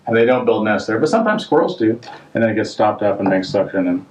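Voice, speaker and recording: A man on a home renovation job site, chatting casually and rambling through deadpan, self-mocking jokes. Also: lowish voice, fast. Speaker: contractor and vlog host. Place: house under renovation, indoors. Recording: roomy, distant, dull sound.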